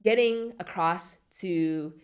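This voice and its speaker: A woman in her twenties, a podcast guest, talking reflectively and softly with many fillers. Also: fairly low pitch, slow. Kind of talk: podcast interview.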